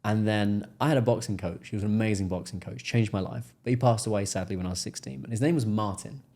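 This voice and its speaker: An English man speaks as a podcast guest, his voice sitting a little low. He tells his story with energy and often acts out the people he is quoting. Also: fast, mellow. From England. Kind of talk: casual interview storytelling.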